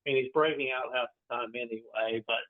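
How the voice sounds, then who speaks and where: A man playing a tabletop game who thinks out loud with an eager manner. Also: mid-range voice, fairly even intonation, a little fast. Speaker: player. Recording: tinny phone-like line.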